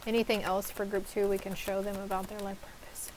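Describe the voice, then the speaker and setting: A woman's voice: mid-range voice, flat delivery, brisk, darkish tone, a little hiss or hum, poor audio. A woman giving a casual tarot reading to her viewers, chatty and reassuring, with casual swearing and asides to herself. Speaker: tarot reader.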